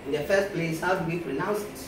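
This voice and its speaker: A man with a Ghanaian accent playing a comic grammar teacher, giving a mock classroom lecture. He explains in a deliberate, drawn-out, teacherly way. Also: on the high side. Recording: roomy, distant mic with faint noise.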